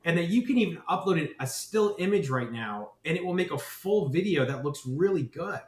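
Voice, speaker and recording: A man's voice: a little high, expressive, moderate pace, roomy sound. A man who founded a marketing agency, speaking as a podcast guest, talking with enthusiasm and rambling, often tagging his points with "right?". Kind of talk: podcast interview.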